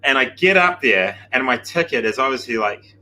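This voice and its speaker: A man, chatting casually and telling a rambling, animated anecdote on a breakfast show. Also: mid-range voice, moderate pace, slight background noise, poor audio. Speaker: gym coach on breakfast show. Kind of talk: casual storytelling banter.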